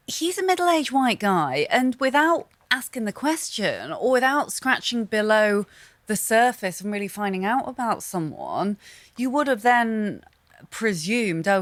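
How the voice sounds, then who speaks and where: A middle-aged woman talking quickly and animatedly as a podcast guest, with lots of fillers and restarts. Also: mid-range voice, dry recording. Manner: fast, animated talker with many fillers. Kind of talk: casual podcast conversation.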